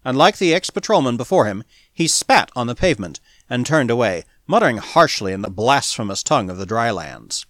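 Expressive male audiobook narrator. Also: mid-range voice, brisk, few pauses, no room sound, clean studio sound.

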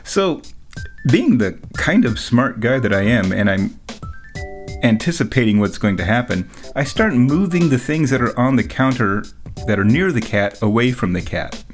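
A man's voice: medium pitch, expressive, normal speed, soft background music. A man telling a rambling, jokey story in a casual monologue, often laughing as he talks.

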